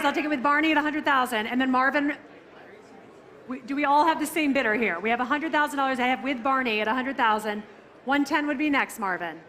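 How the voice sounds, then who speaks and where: A woman working as an auctioneer, calling bids briskly and teasing the bidders in a live auction room. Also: high voice, pushed and bright.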